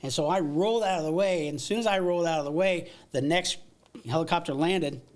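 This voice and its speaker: Animated middle-aged man telling stories. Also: fairly high pitch, fast. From United States. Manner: animated storyteller, many restarts and laughs. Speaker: podcast guest. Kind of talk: casual storytelling interview.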